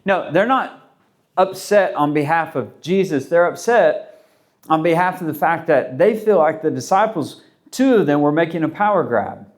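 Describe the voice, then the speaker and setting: This is a pastor delivering a sermon, a man with a somewhat high voice. He speaks casually and conversationally, slipping into the voices of the people he quotes as he tells the story. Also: lively intonation, moderate pace.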